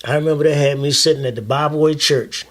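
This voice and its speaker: A man in his seventies telling his son stories from his life in a loose, animated way, often saying "man" and "you know". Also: fairly high pitch, fast. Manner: acts out other people's voices in his stories. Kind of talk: casual storytelling conversation.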